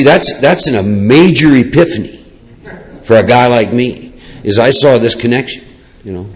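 A man's voice: medium pitch, rough recording. Rambling man sharing a recovery story. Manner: rambling, lively storyteller with many asides. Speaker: recovery speaker. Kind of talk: personal testimony talk.

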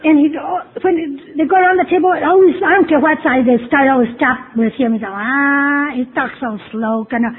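A woman with a high voice shares her recovery story at a meeting, candid and wry, poking fun at herself. The sound is thin and phone-like, with a faint hiss underneath. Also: a little fast, hardly any pauses. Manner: candid, self-mocking storytelling with wry humor.

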